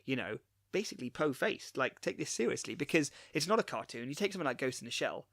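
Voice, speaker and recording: A man's voice: medium pitch, very animated, quick pace, a bit bright, no room sound. Thoughtful male co-host, dry close sound. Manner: thoughtful, explains at length in long sentences. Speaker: podcast co-host. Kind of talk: casual chat reviewing an anime episode.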